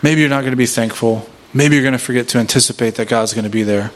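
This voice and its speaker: A man's voice: medium pitch, fast talker, slight background noise. A man in his thirties giving a workshop talk in a sermon style, casual and self-deprecating, telling family stories and asking the room questions. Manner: conversational, self-deprecating storytelling with rhetorical questions. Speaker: workshop speaker.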